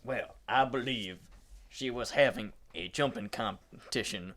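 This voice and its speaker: A man's voice: mid-range voice, a little slow, a bit bright. A man on a comedy podcast who tells absurd improvised stories in a matter-of-fact way. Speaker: podcast panelist. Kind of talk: casual comedic improv storytelling.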